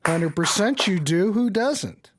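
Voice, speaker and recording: A man hosting a casual livestream chat over a video call, excitable and teasing, swearing freely as he jokes with his guests. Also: sits high, slow. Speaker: show host.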